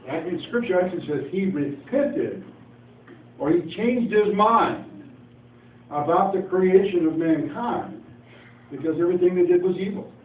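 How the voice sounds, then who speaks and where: A man's voice: sits high, animated, a little slow, narrow, tinny audio. Folksy male preacher, echoey phone recording. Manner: folksy storyteller, acting out dialogue with asides. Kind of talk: informal Bible teaching. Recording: echoey, distant phone recording with faint noise.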